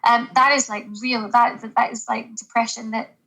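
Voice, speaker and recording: Bright-voiced, earnest woman doctor. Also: a little high, level tone, moderate pace, low-quality recording. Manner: earnest and reflective, with hesitant restarts. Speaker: GP guest. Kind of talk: podcast interview.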